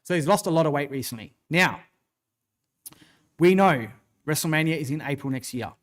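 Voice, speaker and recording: An Australian man with a slightly higher-than-usual voice hosts a casual wrestling livestream. He rambles through his opinions and answers chat comments, swearing freely as he goes. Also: animated, normal speed. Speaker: wrestling show host.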